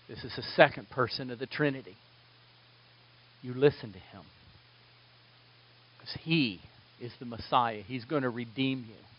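A man voicing a calm, firm divine father figure, speaking low and earnestly. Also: slightly rough, lo-fi sound, exaggerated voice.

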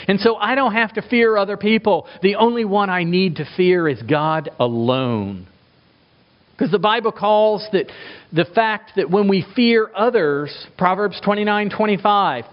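A middle-aged man preaching a sermon as a pastor, emphatic, asking rhetorical questions and swinging his pitch for effect. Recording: dull lo-fi recording.

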